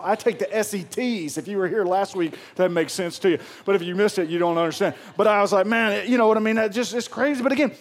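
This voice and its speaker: A man preaching a sermon, telling funny stories and calling on the congregation to join in. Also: high voice. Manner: humorous, storytelling, engages congregation. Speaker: pastor.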